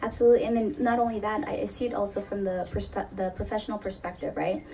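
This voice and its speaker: Gravelly-voiced woman therapist, candid. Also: medium pitch, fairly even intonation, quick pace, dark tone, far from the mic, a little hiss or hum. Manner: candid, humorous, laughs often. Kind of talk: live podcast panel talk.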